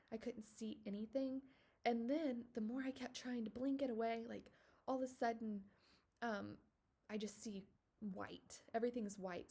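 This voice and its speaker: Young adult woman vlogger, casual earnest storytelling, slightly high voice with vocal fry, breaks into soft whispers. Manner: earnest, emotional, many fillers and whispered asides. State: tearful at moments.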